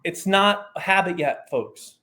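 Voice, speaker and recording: On a relaxed podcast, a male performance coach guest recounts a story with an animated, up-and-down voice. He sits slightly high in pitch for a man and keeps cutting into his own explanations with brief asides.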